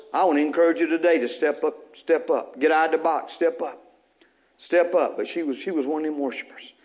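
A man's voice: fairly high pitch, darkish tone. A male pastor, preaching a folksy, fervent sermon full of repetition in a church. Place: church sanctuary.

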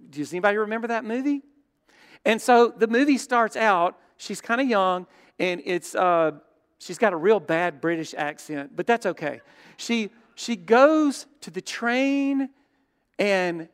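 A man preaching a sermon as pastor, telling stories and dropping from loud to hushed. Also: sits high, clear, resonant tone. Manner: storytelling, shifts between loud and hushed. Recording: long hall reverb.

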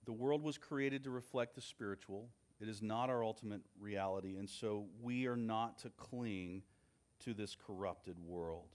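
A man preaching a sermon as a pastor, earnest and measured, with deliberate pauses. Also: on the low side, darkish tone.

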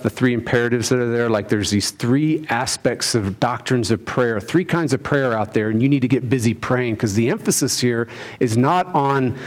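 A man delivers a sermon in a mid-range voice. He presses his points with rhetorical questions. He rises to loud emphasis and then drops to hushed lines. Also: mid-range voice. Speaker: pastor.

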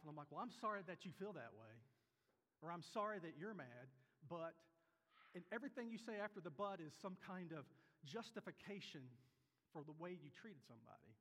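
Man preaching in a reverberant hall. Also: on the high side. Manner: conversational, asks the congregation questions. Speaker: pastor. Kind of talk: sermon.

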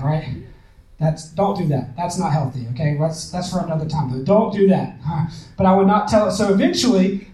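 A man's voice: high voice, dark tone. A man giving a conversational sermon-style talk on relationships, repeating phrases for emphasis and laughing often. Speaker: church speaker on relationships. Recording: echoey room, mic at a distance.

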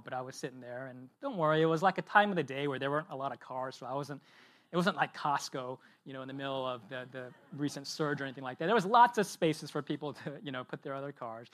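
A man's voice: a little high, a bit bright. Man, pastor, chatty sermon storyteller with casual fillers. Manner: casual storytelling with many fillers and tag questions.

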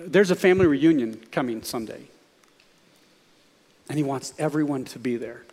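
A man's voice: high-pitched, in a large hall. A man preaching a sermon in a conversational way, often asking his listeners questions. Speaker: pastor.

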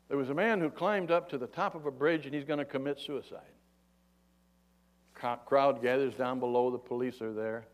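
An older man preaching a sermon in a folksy, rambling way. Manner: folksy, rambling, raises pitch and volume to act out yelled dialogue. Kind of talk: sermon with a told joke.

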